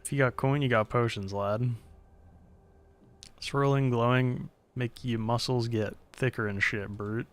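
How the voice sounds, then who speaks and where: A man's voice: mid-range voice, steady tone, a little slow, close to an everyday voice. An actor playing a shifty male potion seller in a video game, talking in thick street slang and calling people brute and lad. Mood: wheedling. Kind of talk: video game character dialogue.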